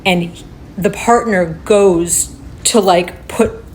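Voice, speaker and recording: A woman giving unscripted reaction commentary, agitated and swearing, shaken and halting as she talks. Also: mid-range voice, a little hiss or hum. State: shaking with upset. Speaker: reaction video creator.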